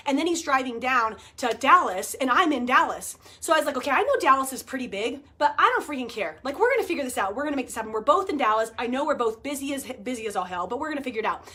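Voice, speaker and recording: A woman in her forties chatting to her viewers, telling a story in an animated way, laughing and swearing casually. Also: sits high, breathy edge. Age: 40s. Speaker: vlogger. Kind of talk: casual chat to camera.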